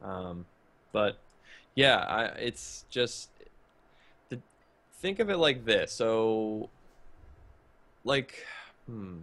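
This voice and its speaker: A man with a fairly low voice talks casually on a podcast. He wanders through his explanation, stopping and restarting and leaning on fillers as he goes. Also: animated, drawn-out words, pauses often, a bit bright. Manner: rambling, meandering explanations full of fillers. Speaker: podcast co-host. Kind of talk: casual chat.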